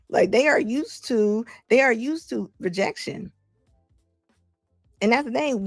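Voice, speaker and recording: A woman's voice: fairly high pitch, gravelly, no room sound, studio quality. A woman hosting a casual livestream commentary, chatty, reading viewer comments aloud and laughing often. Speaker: commentary channel host.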